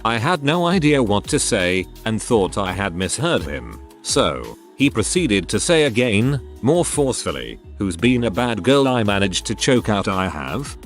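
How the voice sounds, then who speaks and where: A man with a lower voice narrates a run of anonymous stories in a scripted read-aloud style. His intonation swings widely and expressively, and he now and then trips over a word. Soft music sits faintly underneath.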